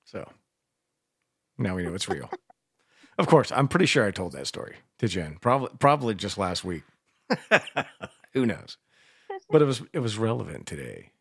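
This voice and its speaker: A man's voice: fairly low pitch, big pitch swings, moderate pace, creaky, long pauses, a bit bright, slightly rough, no echo, clean studio sound. An older man co-hosting a radio show, telling rambling stories full of swearing in casual banter. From Washington, D.C. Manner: profane, rambling storyteller. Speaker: radio co-host.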